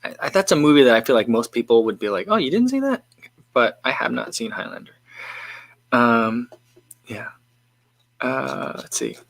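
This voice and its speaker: A man hosts a live stream in an easygoing, rambling way, often breaking off and restarting his thoughts as he reads viewer comments. His voice is bright and forceful. The sound is dry and close, with no room around it. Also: mid-range voice, normal speed, vocal fry, long pauses, no echo. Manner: musing and rambling, with frequent self-interrupting restarts. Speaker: livestream host. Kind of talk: casual chat, reading viewer comments.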